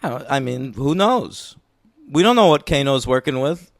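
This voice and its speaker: Lively, joking man on a podcast. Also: mid-range voice, moderate pace, creaky, dry recording. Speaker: podcast co-host. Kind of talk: casual film review chat.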